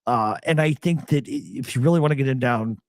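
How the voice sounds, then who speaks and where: His voice is medium-pitched with vocal fry, and he talks fairly quickly. A podcast host on a live stream, he swaps casual stories, cursing liberally as an animated, profane storyteller.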